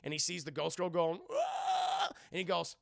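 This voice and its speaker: A man recapping a film to a live chat in a rambling, profane, animated way, with a gravelly voice. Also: fairly high pitch, quick pace, no echo, studio quality. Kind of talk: casual spoken film recap.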